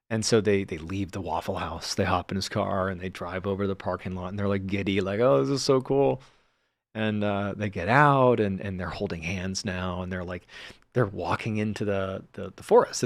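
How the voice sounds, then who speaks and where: Sex: male. Role: storyteller guest. Style: casual storytelling. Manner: relaxed, filler-heavy. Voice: lowish pitch, dry and close. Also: no echo.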